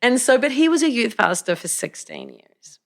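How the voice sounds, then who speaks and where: An animated woman pastor chats as a podcast guest, telling stories with plenty of laughter. She restarts her sentences often and keeps a loose, conversational flow. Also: on the high side, normal speed, gravelly. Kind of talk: casual conversational storytelling.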